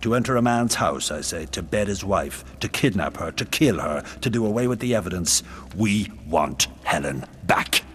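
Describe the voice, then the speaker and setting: An actor voices a brutal, lecherous, swaggering warrior king, a middle-aged man, in a crude, leering and menacing first-person monologue. His low voice has lively intonation and a slightly bright quality, moving at a moderate pace with few pauses over a little hiss or hum.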